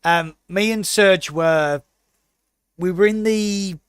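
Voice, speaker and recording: A British man with a notably high speaking voice, chatting casually on a podcast. He tells stories with energy and slips into quick impressions of the people he describes. The sound is dry and close. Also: clean tone, dry recording. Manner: animated storyteller, puts on quick voices for people he quotes. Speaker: podcast co-host.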